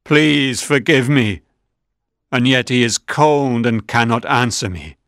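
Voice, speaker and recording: A man's voice: medium pitch, fairly even intonation, fairly bright tone, dry recording, studio quality. A man putting on a moaning, remorseful monster. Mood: mournful. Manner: moaning, drawn-out pleading. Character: grieving, remorseful male monster creature.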